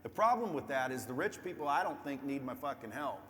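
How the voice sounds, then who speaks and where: A man appears as a guest entrepreneur in an interview, speaking briskly in a medium-pitched, animated, slightly bright voice. He gives casual business advice directly to viewers, blunt and profane, in an echoey room with faint background noise.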